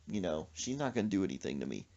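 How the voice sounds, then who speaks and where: Guy playing a sly young grandson, low mumbly voice, husky, muffled sound. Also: very animated, fast, warm tone, full character voice. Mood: smug. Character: cheeky young male grandson, mischievous.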